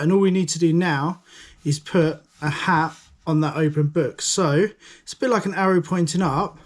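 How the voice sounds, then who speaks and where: A man teaching a step-by-step drawing lesson in a monotone voice, a little out of breath. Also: on the high side. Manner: calm, explains while drawing.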